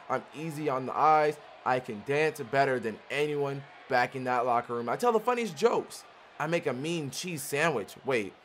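A young man commentating his own wrestling video game play by play, excitable and trash-talking the characters on screen. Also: mid-range voice, slight background noise. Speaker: gaming channel host.

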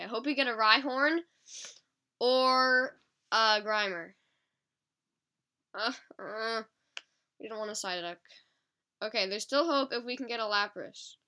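A woman with a stuffy, sniffly nose giving casual, excitable gameplay commentary to her viewers. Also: on the high side. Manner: chatty, excitable, talking to viewers. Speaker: mobile game channel host.

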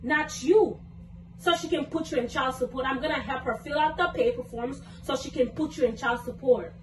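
A young woman with a very high voice argues angrily, swearing and repeating her lines as her temper climbs. She sounds a little way off from the mic in an echoey room, with faint noise behind her. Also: normal speed, distant mic. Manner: angry, cursing, repeats herself, rising to shouts. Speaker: vlogger, girlfriend in a prank video. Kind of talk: heated casual argument.

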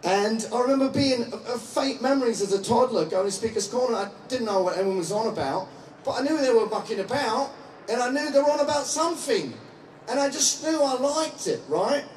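A man's voice: very high-pitched, animated, fairly quick, echoey room, recorded from a distance, slight background noise, poor audio. A man in his forties giving a crude, joking speech to a crowd. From Scottish parents, raised in England and Canada. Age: 40s. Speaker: public speaker.

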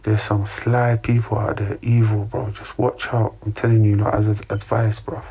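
Low, husky man talking to his stream. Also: flat delivery, normal speed, warm tone. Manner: slangy, repeats "bruv" and "innit", gives earnest advice to chat. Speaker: livestream host. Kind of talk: casual livestream chat.

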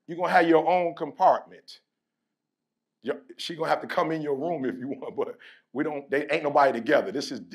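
Guy with a pretty high voice preaching hard at a team, slangy stories, shouty call and response. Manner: storytelling in casual slang, acts out dialogue. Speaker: motivational speaker. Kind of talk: fiery motivational speech to a team.

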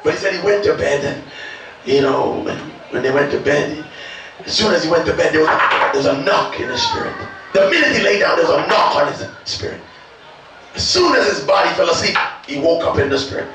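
A male pastor preaches with a high, animated voice that leaps between hushed storytelling and shouted climaxes. His tone is bright and sharp. He is recorded from a distance in a church sanctuary, with a roomy echo all around. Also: brisk, a little hiss or hum. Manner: call-and-response preaching, swings from soft storytelling to shouting. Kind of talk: sermon. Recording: echoey church hall, distant mic.

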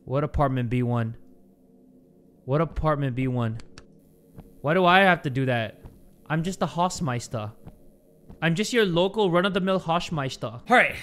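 Male gaming host, jokey and animated, lively pitch, game music behind. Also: moderate pace, long pauses. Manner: jokey, animated, talks to viewers. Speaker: gaming YouTuber. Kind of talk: casual horror game commentary. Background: game music and sound effects.

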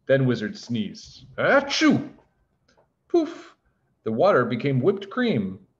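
A man reading a picture book aloud to children, gently explaining words as he goes. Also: medium pitch, sing-song, a little slow, muffled recording. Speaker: teacher reading a storybook aloud.

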